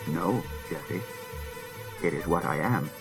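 A man voicing a calm humanoid robot detective who reasons in a quiet, measured, unemotional way. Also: low-pitched, vocal fry, soft background music, pitched below the performer's own voice, full character voice, rough recording.

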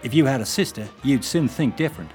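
An older English man voicing a young American airman from the South, with a deliberately English-tinged Southern accent, blunt and drawling. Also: mid-range voice, expressive, darkish tone, faint music behind, natural voice. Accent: put-on American Southern, English-tinged.

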